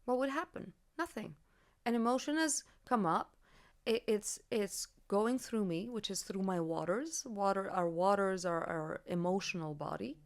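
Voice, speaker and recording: A woman hosting a podcast speaks in an earnest, reflective way. Her voice sits at a middle pitch and grows animated when she makes a point. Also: moderate pace. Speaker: podcast host. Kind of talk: reflective conversational talk.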